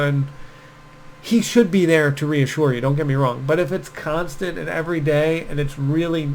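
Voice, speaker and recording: A man giving dating advice straight to the camera in a loose, conversational way, full of ums and asides. His voice sits a little high for a man. Faint background noise runs under the recording. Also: fairly quick, rough recording. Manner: casual, storytelling, many fillers. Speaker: dating coach. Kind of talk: direct-to-camera advice talk.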